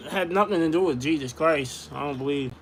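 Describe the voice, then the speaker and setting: A man's voice: a little high, fairly quick, fairly bright tone, slight background noise. A man insistently arguing his point in casual livestream talk, repeating himself. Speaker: livestream host.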